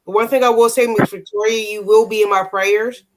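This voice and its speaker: A man's voice: high-pitched, steady tone, moderate pace, a little hiss or hum, rough recording. A man in casual chat on a stream panel, emotional and close to tears, repeating himself.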